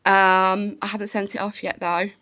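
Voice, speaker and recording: A woman's voice: medium pitch, level tone, moderate pace, bright, forceful tone. A woman telling an angry story about a social worker, swearing freely and reading a complaint letter aloud. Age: adult parent. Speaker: vlogger. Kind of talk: casual storytelling rant.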